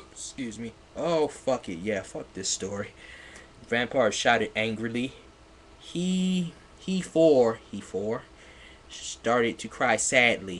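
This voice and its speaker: A man's voice: fairly low pitch, fairly bright tone, a little hiss or hum. A man giving a mocking live read-aloud of a piece of fan fiction, laughing, swearing and stumbling over its misspellings. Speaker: livestreamer.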